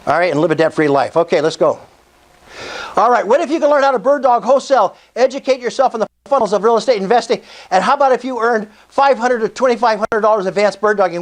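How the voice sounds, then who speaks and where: A man in his sixties giving a fervent, preacher-like motivational speech at an investor meetup, calling out to the audience for responses. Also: high voice. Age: 60s. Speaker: speaker at a real estate investor meetup.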